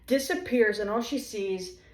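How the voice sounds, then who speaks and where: A woman casually telling funny stories as a vlogger in her home kitchen, animated and chatty, talking while she eats. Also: mid-range voice, unhurried. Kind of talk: casual storytelling. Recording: echoey room.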